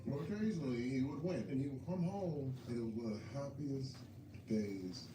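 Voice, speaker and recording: A man telling personal stories in a casual chat over a meal, emotional and animated, dropping to murmurs and rising to loud bursts. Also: medium pitch, normal speed. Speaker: guest. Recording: echoey, distant, noisy room.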